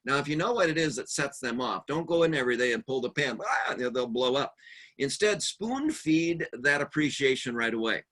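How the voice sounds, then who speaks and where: A man giving a conference workshop talk, humorous and animated, telling stories and acting out the voices of the people he quotes. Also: medium pitch, brisk. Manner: lively, animated delivery. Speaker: seminar speaker.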